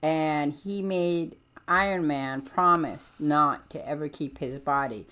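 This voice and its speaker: A woman's voice: low voice, takes it slowly, fairly bright tone, slight background noise. A woman hosting a livestream, chatting casually and rambling as she jumps between points with lots of ums. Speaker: livestream host. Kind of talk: casual chat about comics.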